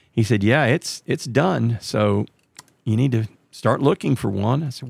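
Gravelly man telling a story. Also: moderate pace, no echo. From Texas. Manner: animated, jumps way up in pitch when quoting others. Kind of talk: casual storytelling monologue.

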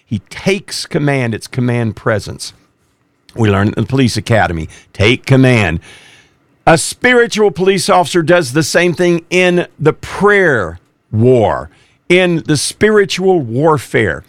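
A man's voice: medium pitch, lively intonation, a little slow, no room sound. A man who used to be a police officer, preaching emphatically as a radio show host. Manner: emphatic, rising to forceful exhortation. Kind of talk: preaching talk.

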